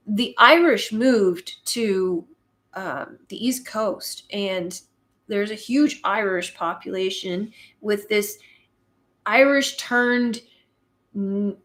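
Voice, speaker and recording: Slow-talking Canadian woman hosting a live chat. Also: medium pitch, a bit bright. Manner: unhurried and conversational, with frequent ums and light laughs. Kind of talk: casual live-stream chat, answering viewer comments.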